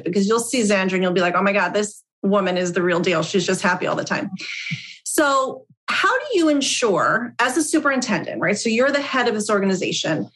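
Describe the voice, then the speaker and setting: A middle-aged woman hosting a podcast interview, chatting in an animated way and laughing through her stories. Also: mid-range voice. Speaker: podcast host. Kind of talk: casual interview chat.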